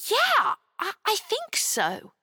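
A woman's voice: extremely high pitch, wildly swooping pitch, takes it slowly, pushed and bright, no room sound, studio quality, voice pushed up, full character voice. A woman reading aloud, voicing an earnest young girl who stumbles as she starts to speak. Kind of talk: storybook reading.

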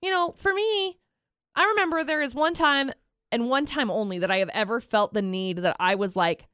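A woman co-hosting a radio show, talking in a chatty, expressive way into a studio microphone. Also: fairly high pitch, normal speed, clear, resonant tone, dry recording. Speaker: radio co-host. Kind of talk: casual radio chat.

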